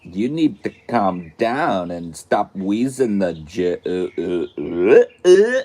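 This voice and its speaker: A man's voice: deep voice, sing-song, mellow, pitched above the performer's own voice, exaggerated voice. Man doing a drawling, unbothered slacker guy. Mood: mellow. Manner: slow drawling surfer-like talk, says buddy a lot. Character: laid-back male comedian, lazy and unbothered.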